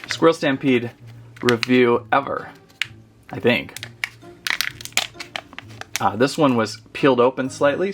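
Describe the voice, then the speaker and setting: A man's voice: medium pitch, fairly bright tone. A man chatting his way through a casual toy unboxing review, rambling and easily amused.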